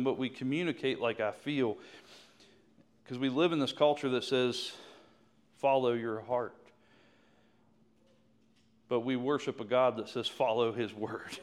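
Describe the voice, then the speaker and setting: A male pastor preaching a sermon, reading scripture slowly and laughing often as he talks. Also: medium pitch.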